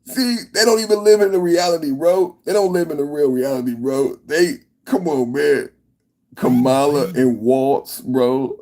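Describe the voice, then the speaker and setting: A man hosting a podcast, delivering a political reaction rant in an emphatic, slangy, repetitive way with a husky voice. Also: a little high, measured pace, a little mellow. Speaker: podcast host.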